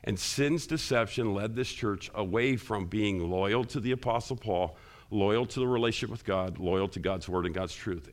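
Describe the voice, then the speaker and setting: A man serves as pastor here, preaching to his congregation, asking them questions, and soaring in pitch and volume whenever he underlines something.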